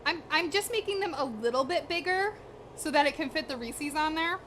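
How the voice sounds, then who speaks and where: Bright, chatty young woman streamer. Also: high voice, animated, brisk, a little hiss or hum. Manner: chatty, slangy, talks straight to her chat. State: out of breath. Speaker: cooking streamer. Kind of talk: casual live-stream cooking chat. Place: home kitchen.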